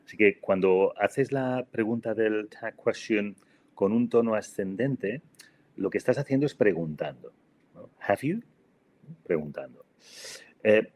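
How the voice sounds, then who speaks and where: A man's voice: lowish voice, expressive, normal speed, a little mellow. A man teaching English grammar in a casual podcast chat, hesitant, full of fillers and "no?" tags. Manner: hesitant, many fillers, ends with "no?".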